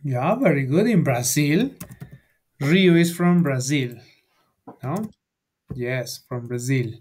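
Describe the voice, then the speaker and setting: A man teaching a basic English class, sounding out each word clearly for students to repeat. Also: medium pitch, lively intonation, takes it slowly, darkish tone. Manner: enunciates each word for learners to repeat, rising on prompts. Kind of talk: classroom drill, call and repeat.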